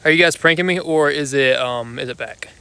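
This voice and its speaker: A man's voice: fairly high pitch, fairly quick, vocal fry, bright, forceful tone, smooth. Breathless young man chatting outdoors. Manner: chatty, loose and joking. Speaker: livestream host. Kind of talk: casual live chat with viewers. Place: backyard outdoors.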